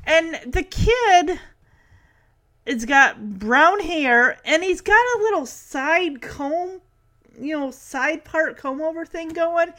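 A woman's voice: very high voice, lively intonation, slow, fairly bright tone. A woman casually recapping a TV episode in a chatty way, with sarcastic asides.

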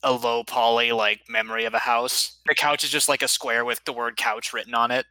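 A man's voice: medium pitch, flat delivery, fairly quick, pushed and bright, no echo, poor audio. A man playing a tabletop game, laying out theories about what is going on. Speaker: player. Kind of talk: casual tabletop game play.

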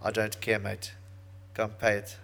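A man's voice: fairly low pitch, monotone, normal speed, creaky, fairly bright tone, in a large hall, voice pushed down. A man doing a mock South African impression of a curt, bossy billionaire. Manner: curt, bossing.

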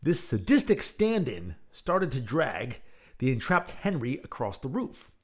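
A man hosts his own show and reads out a story he wrote. He talks in a relaxed, chatty way, with a lively voice that rises and falls a lot in pitch. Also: measured pace, slightly rough. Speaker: podcast host and storyteller. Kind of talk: casual chat and audio story narration.

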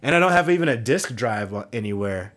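A man in his thirties hosting a podcast, chatting in a relaxed and rambling way and swearing casually. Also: medium pitch, brisk. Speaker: podcast host. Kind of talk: casual chat.

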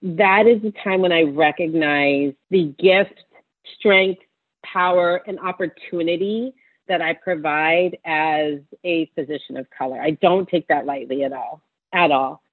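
A woman physician speaks with passionate, encouraging conviction, close to tears. Her voice sits a little low and sounds husky. It comes through a thin, phone-like line. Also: measured pace. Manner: passionate, warm-hearted, preaching encouragement. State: teary. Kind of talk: interview answer, emotional testimony.

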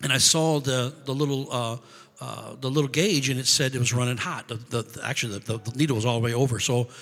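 A man casually telling a long personal story, halting often, restarting phrases and repeating words. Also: mid-range voice, steady tone, fairly bright tone. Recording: long reverb.

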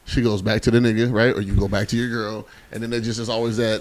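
A man hosting a podcast, casually bantering and telling stories loudly and jokingly with friends. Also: on the low side, flat delivery. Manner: fast, loud, joking storyteller. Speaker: podcast host.

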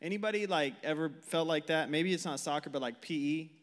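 Speaking a little high and fairly quick, a youth pastor in his twenties chats and jokes through a casual sermon on a handheld or stage mic. He addresses a live group in a church hall with long reverb, using lots of fillers and questions to the crowd.

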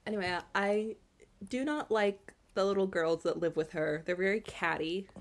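A woman's voice: medium pitch, moderate pace. A woman from the United States co-hosting a podcast, chatting in a rambling, casual way. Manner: rambling, laughs often. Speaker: podcast co-host. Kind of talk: casual chat.

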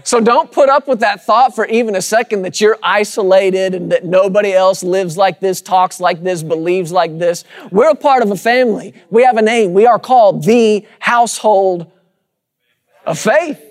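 High-voiced man preaching a sermon. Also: normal speed. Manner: rhythmic repetition, calls out to the congregation. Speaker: pastor. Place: church sanctuary with congregation.

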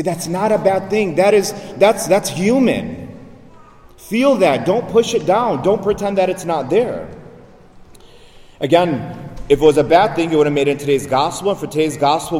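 Lively priest preaching in an echoey hall. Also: male voice, on the high side. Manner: conversational preaching, frequent "right?" asides. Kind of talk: sermon. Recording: echoey church hall, voice from far off.

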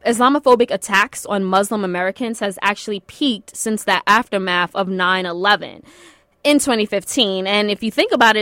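A woman co-hosting a radio talk show in a studio, chatty and quick to laugh. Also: medium pitch, fairly bright tone, no room sound. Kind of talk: casual radio chat. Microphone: studio mic.

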